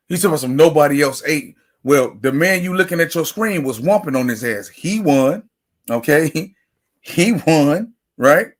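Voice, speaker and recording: A man's voice: on the high side, lively intonation, moderate pace. A man hosting a sports talk livestream, ranting emphatically and greeting chat viewers by name. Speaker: sports talk show host. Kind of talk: casual livestream commentary.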